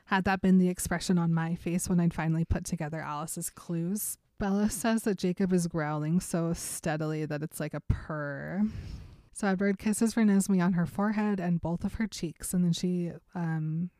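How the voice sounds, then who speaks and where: A woman's voice: fairly low pitch, fairly even intonation, normal speed, dark tone, no echo, studio quality. A woman co-hosting a casual chat, retelling a book's scenes and reading quotes aloud with frequent giggles. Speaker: podcast co-host recapping a book.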